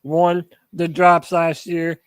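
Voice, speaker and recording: Animated sports podcast co-host, high pitch, dry close mic. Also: male voice, takes it slowly, clear, resonant tone, dry recording. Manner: animated, asks the panel questions. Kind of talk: casual sports talk.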